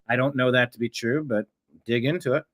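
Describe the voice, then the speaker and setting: A man's voice: mid-range voice, normal speed, a bit bright, slight background noise. Combative man hosting political commentary. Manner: combative, sarcastic. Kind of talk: livestream reaction commentary.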